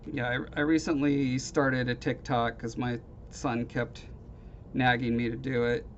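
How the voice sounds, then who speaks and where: A man's voice: medium pitch, level tone, measured pace. A man casually chatting with viewers on his live stream, rambling and self-deprecating, with hesitant restarts. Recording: dull lo-fi stream audio with faint noise.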